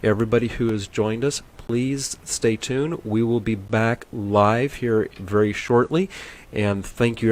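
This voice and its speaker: A man's voice: on the low side, a little mellow. A man hosting an interview on an internet radio show, friendly and joking with his guest. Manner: friendly, upbeat, jokey.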